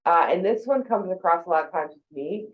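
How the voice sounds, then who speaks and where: A woman in her forties talks through everyday thinking habits in a relaxed, conversational way, dropping in fillers and acting out little quotes. Her voice sits on the low side, and the recording sounds dull and lo-fi. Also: fairly quick. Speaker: speaker on mental health. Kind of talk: casual talk about thinking habits.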